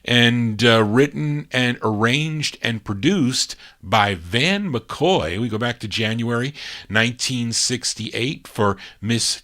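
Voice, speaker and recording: A man's voice: medium pitch, takes it slowly, a bit bright. Chatty male record show host. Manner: chatty, rambling, reads out label and release details. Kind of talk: casual record-spinning DJ chat.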